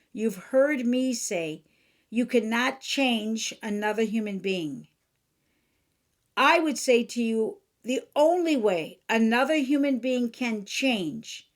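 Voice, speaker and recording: A woman with a slightly high voice, talking through a solo podcast episode as a life coach. She speaks earnestly and plainly, explaining ideas step by step. She slips into acted examples as she teaches. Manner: earnest and instructive, acts out examples.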